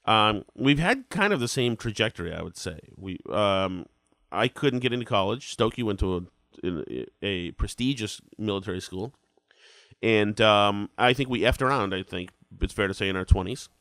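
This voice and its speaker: A man's voice: lowish voice, expressive, normal speed, a bit bright, no room sound. Congested man hosting a podcast. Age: 40s. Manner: rambling, self-deprecating. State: has a cold, congested. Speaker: podcast host. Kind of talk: casual podcast chat.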